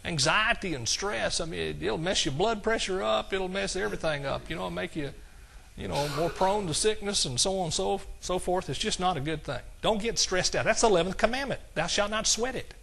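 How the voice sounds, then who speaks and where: Folksy preacher man, slightly high voice. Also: creaky, fairly bright tone, slight background noise. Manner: folksy, quotes scripture in a slow measured cadence; chuckles at his own jokes. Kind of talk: sermon.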